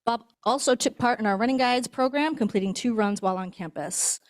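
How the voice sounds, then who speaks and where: In an indoor ceremony hall, a woman who trains guide dogs introduces the graduates in a chatty way, laughing occasionally. Her voice is fairly high and her pace fairly quick.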